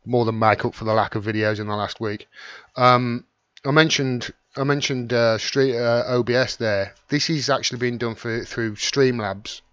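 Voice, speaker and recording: A middle-aged man from the West Midlands, England, with a Wolverhampton (Black Country) accent hosts a casual YouTube live stream, rambling and chatting as he reads out and thanks commenters by name. His mid-range voice is smooth and fairly bright, with fairly even intonation at normal speed. The dry recording sounds dull.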